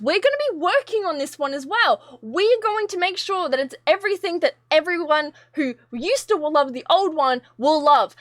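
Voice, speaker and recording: High-voiced woman ranting with swearing. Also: a bit bright, dry recording, studio quality. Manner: swearing, exasperated, rambling rant. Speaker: streamer. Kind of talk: casual ranting to a live chat.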